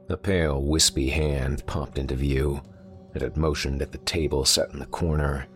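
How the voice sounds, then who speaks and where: A man narrating a first-person horror story in a tense, measured manner. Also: extremely low pitch, fairly even intonation, fairly bright tone, soft background music.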